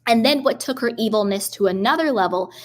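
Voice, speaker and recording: A woman's voice: on the high side, brisk. Indignant woman recapping reality TV. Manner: animated, indignant, acts out quoted voices. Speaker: reality TV commentator. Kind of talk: casual recap commentary to camera.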